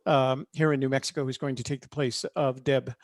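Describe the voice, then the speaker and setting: A man on a video call making a sales pitch in a halting way, full of fillers. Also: level tone, no echo, studio quality. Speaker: panel attendee offering live-stream production. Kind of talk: casual online panel chat. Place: home studio.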